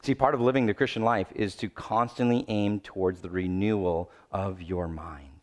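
A male pastor preaching a sermon, swinging between loud urgent pleading and low, quiet emphasis. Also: steady tone, moderate pace.

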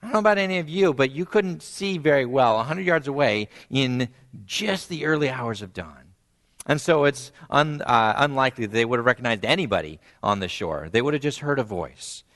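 A man preaching a sermon, animated and storytelling, acting out quoted voices and softly repeating key phrases for emphasis. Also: a little fast. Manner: animated, acts out quoted voices with big pitch jumps. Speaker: pastor.

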